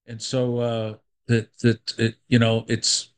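Halting male talk show host. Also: mid-range voice, completely flat delivery, clear, resonant tone. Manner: halting, lots of fillers and restarts. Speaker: radio host.

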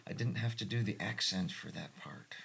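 A man from New England who acts in community theater, talking in a reflective, halting way with frequent restarts in a casual panel discussion. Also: fairly bright tone. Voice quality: gravelly, husky low voice.

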